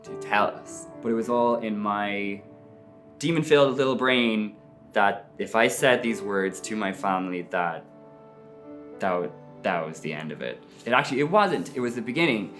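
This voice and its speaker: A man's voice: fairly low pitch, lively intonation, normal speed, a bit bright, soft background music. Candid Irish man telling his story. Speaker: interviewee. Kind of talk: personal storytelling.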